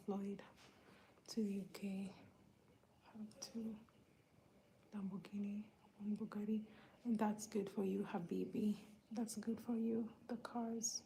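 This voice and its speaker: A woman from Uganda hosting a live stream, greeting viewers one by one in a soft, laid-back, whispery way while feeling under the weather. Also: medium pitch, a little hiss or hum, rough recording. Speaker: livestream host greeting viewers.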